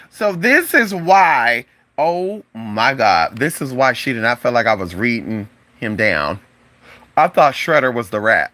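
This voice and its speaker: A spiritual advisor chatting casually on a livestream, animated and profane, calling viewers "honey" and "y'all", with sudden high exclamations. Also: moderate pace, dry recording.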